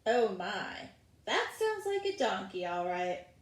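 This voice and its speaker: A woman's voice: medium pitch, very animated, slow pace, roomy sound. A woman voicing a stern, fussy female health inspector who speaks in clipped, dismissive phrases in an audiobook. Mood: officious. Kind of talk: audiobook character voice.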